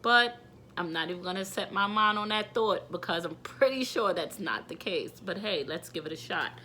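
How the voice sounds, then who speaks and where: A young woman and mother talking to camera in a candid vlog, rambling and emotional, with hushed asides and loud outbursts. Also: mid-range voice, animated, moderate pace, slightly rough. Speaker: vlogger and mother.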